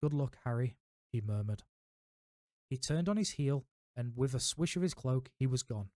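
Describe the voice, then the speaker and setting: A man reads a storybook aloud on a livestream and breaks off now and then for relaxed, chatty asides. His voice sits at a middle pitch. The recording is dry and close, with no room sound. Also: moderate pace, dry recording. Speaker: livestream reader. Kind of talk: reading a book aloud on a livestream.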